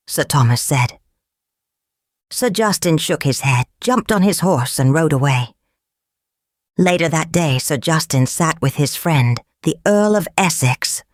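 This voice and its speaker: Woman, storybook narrator, measured reading, low pitch, dry recording. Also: dry recording.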